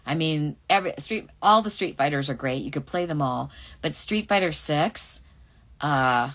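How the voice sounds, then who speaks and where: A middle-aged woman with a notably low voice talks casually through a fan Q&A. She reads each question aloud and muses over her answers in a relaxed, chatty way. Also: normal speed. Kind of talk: casual livestream Q&A.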